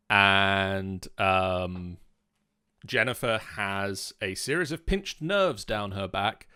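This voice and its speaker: A man hosting a tabletop game stream, chatting in an animated, self-mocking way at his desk mic. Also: lowish voice, no echo, clean studio sound. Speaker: host and dungeon master. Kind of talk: casual stream chat.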